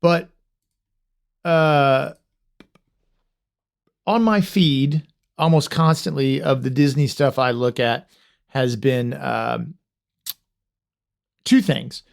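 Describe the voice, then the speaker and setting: A man's voice: medium pitch, drawn-out words, vocal fry, long pauses. A man hosting a podcast in casual, joking, self-deprecating chat. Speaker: podcast host.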